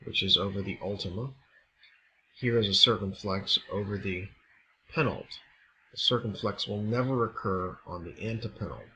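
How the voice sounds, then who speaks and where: A man delivers a recorded lesson in a fairly low yet bright, forward voice. He explains each point step by step at a measured pace. A faint hum of room noise sits under his speech. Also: rough recording. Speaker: Greek teacher. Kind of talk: recorded classroom lecture.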